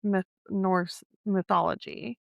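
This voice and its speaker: Gravelly woman chatting about books. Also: medium pitch, fairly even intonation, takes it slowly, dry recording, lo-fi sound. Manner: chatty, searches for words, many fillers. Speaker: podcast co-host. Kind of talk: casual book chat.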